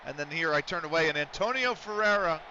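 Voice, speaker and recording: A man's voice: on the high side, lively intonation, quick pace, sharp tone, lo-fi sound, slight background noise. A man livestreaming a game, chatting casually with viewers, swearing freely and breaking into play-by-play calls. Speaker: streamer.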